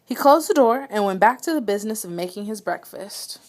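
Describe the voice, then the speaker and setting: A woman reading a children's picture book aloud with expressive, dramatic storytelling. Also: medium pitch, brisk. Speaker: read-aloud reader.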